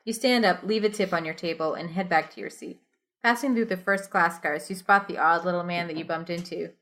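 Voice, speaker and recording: A woman's voice: fairly low pitch, normal speed, fairly bright tone. A woman co-hosting a podcast, reading an adventure story aloud in a casual, playful way and often slipping into giggles. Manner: giggly, playful, breaks into laughter mid-sentence. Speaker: podcast co-host reading a choose-your-own-adventure story. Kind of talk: casual read-aloud narration.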